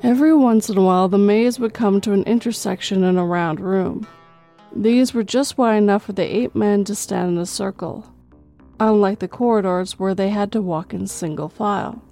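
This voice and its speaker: A woman reading a horror story in a slow, measured storytelling way. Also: mid-range voice, dark tone, faint music behind. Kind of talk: scripted horror narration.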